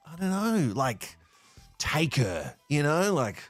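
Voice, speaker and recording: A man's voice: a little high, big pitch swings, takes it slowly, dry recording, faint music behind. An Australian man hosting a reality TV recap in casual reaction commentary, mocking the cast and laughing often.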